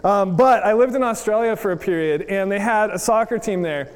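A man's voice: high voice, a little fast, big-room sound. A man in his thirties from the United States giving a chatty sermon, telling a story with many fillers. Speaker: preacher.

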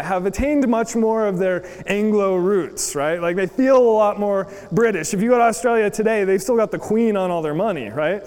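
A man's voice: sits high, darkish tone, smooth, long reverb tail. A man in his thirties from the United States giving a chatty sermon, telling a story with many fillers. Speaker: preacher.

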